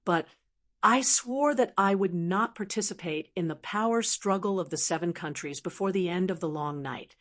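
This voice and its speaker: A woman's voice: on the low side, normal speed, lightly acted. Woman reading as a cool dragon queen. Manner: flat, matter-of-fact. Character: proud, cool young female dragon queen. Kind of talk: audiobook narration.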